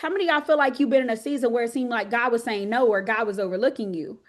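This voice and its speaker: A Texas woman with a Texas accent gives a lively sermon to a women's group, speaking fast in a slightly high voice. Her style is folksy and country, and she calls on listeners by name.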